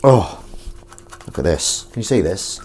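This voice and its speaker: A man's voice: deep voice, very animated, unhurried, a little mellow, slight background noise. A man chatting casually to a live-stream audience from his home kitchen while washing up, rambling and self-mocking.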